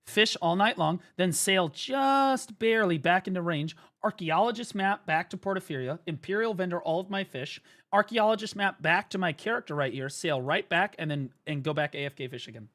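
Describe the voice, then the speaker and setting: A young man streaming a game, ranting and swearing excitedly as he explains it. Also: sits high, moderate pace. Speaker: gaming streamer. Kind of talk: live gaming commentary.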